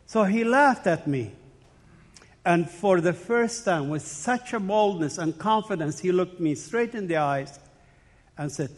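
A high-voiced man delivers a personal testimony as a sermon, unhurried and animated, telling his story in short, emphatic, dramatic phrases. The long reverb of a large hall rings around his voice.

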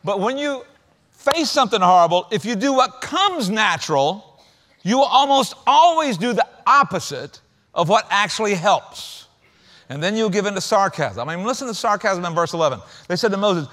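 Male pastor preaching, high pitch, conversational, shifts between loud emphasis and soft low asides. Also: lively intonation, normal speed. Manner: conversational preaching with sarcastic acted-out quotes. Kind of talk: sermon.

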